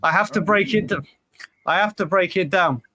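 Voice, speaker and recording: Bright-voiced man in his forties, bantering. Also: high voice, normal speed, no echo. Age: 40s. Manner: self-mocking, laughs at his own teasing. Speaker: podcast co-host. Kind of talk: casual banter.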